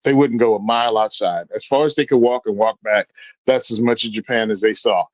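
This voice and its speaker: A man from Virginia, a guest telling stories in a casual chat, animated and quick to jump into voices. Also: fairly low pitch. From Virginia, US South. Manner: animated, jumps into funny voices. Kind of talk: casual storytelling. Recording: dull, dry sound.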